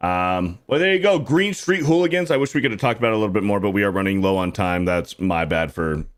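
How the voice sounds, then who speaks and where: A young man hosts a casual podcast, reading out viewer donations and donor messages in a laid-back way. His voice sits on the low side, and he talks fast with lively intonation.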